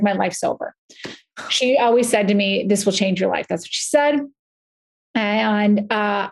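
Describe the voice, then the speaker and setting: A woman talking as a podcast guest, telling stories in a chatty, animated way with lots of "like". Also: a little high. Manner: chatty, animated storytelling with frequent "like". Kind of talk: casual podcast conversation.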